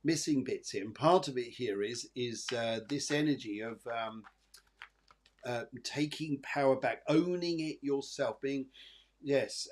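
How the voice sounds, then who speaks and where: A man hosts a live psychic show, reading cards and colours for viewers. He rambles in a chatty, reassuring way, peppered with fillers and restarts, at a mid pitch. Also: a little mellow. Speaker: psychic medium host.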